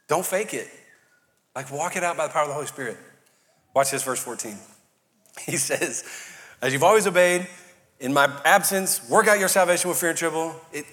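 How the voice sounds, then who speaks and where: Male pastor, New Orleans Cajun accent, slightly high voice, sermon in a large echoing church. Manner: conversational, joking, building to shouting. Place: church auditorium. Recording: long hall reverb.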